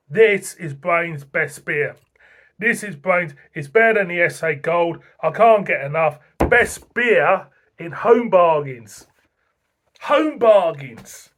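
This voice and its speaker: Man, from Britain, chatty beer reviewer, enthusiastic, repeats himself, unhurried delivery. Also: high-pitched, a bit bright. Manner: enthusiastic, repetitive, laughing often. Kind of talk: casual beer review vlog.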